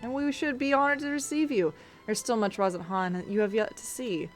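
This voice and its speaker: A woman's voice: fairly high pitch, brisk, soft background music, lightly acted. A woman voicing an ancient male dragon who speaks through a construct, in a stately, formal way with a put-on foreign accent. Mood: solemn.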